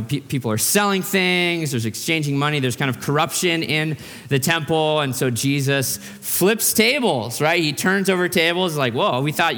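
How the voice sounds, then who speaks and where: Bright-voiced male pastor preaching. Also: fairly high pitch. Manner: storytelling, casual with frequent fillers. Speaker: lead pastor. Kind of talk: conversational sermon. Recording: reverberant hall.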